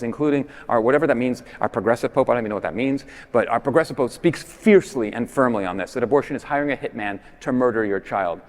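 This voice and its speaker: A man giving a persuasive conference talk with emphatic stresses that drop to quiet endings. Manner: emphatic, with swings between loud stresses and low, quiet endings. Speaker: conference speaker. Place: large basilica. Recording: long reverb in a big church.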